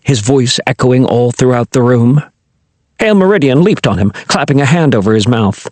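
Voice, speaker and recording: A man reads a children's fantasy audiobook with a lively, expressive delivery. His voice is husky and slightly breathy, and the sound is dry and close. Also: medium pitch, normal speed, dry recording. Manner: expressive, animated storytelling. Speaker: audiobook narrator. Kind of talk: audiobook narration.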